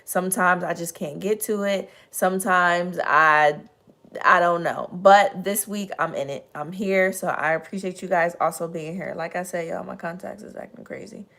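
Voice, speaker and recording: Chatty, slightly hoarse woman livestream host. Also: lowish voice, steady tone, normal speed, bright, forceful tone. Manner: chatty, greets viewers by name mid-talk; earnest, encouraging, addresses audience as y'all. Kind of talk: casual motivational livestream talk.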